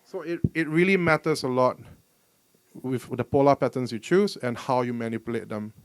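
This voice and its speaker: A man's voice: mid-range voice, normal speed, smooth, dry recording. A man leading a home-recording workshop, explaining mic technique in a loose, rambling way full of "like". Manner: casual, rambling, filler-heavy explanations. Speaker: workshop instructor. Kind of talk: live recording workshop demo. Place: music store workshop room.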